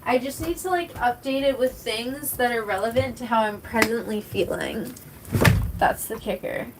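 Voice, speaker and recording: A woman's voice: a little high, normal speed, heavy background noise. A young woman from British Columbia, streaming and chatting casually with her chat, rambling with lots of fillers and casual swearing. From British Columbia, Canada. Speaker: live streamer.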